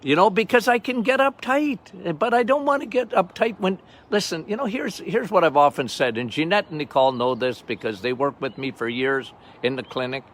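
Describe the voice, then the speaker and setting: Older male doctor-host, loud and emphatic, slightly higher-pitched, off-the-cuff monologue. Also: animated, normal speed, few pauses. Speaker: health podcast host, doctor. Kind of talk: casual monologue.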